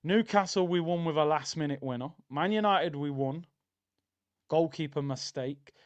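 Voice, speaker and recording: A man's voice: a little high, normal speed. A man streaming a live football watchalong, chatting casually about the match and reading out viewer comments. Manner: chatty, reads out viewer comments, excitable bursts. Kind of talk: live match reaction chat.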